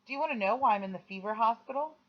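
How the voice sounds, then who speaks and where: A cheeky teenage girl, as a reader puts her on, lifts her voice high and bright and needles the boy next door. The recording sounds slightly dull and lo-fi. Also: rapid-fire, close to an everyday voice. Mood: chatty. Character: chatty teenage girl patient, teasing.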